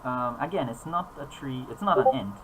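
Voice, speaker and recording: Casual game master guy, rambly, mid-pitched voice, faint hiss in the background. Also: moderate pace, fairly bright tone, low-quality recording. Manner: rambling, many fillers and restarts. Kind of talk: narrating a tabletop game.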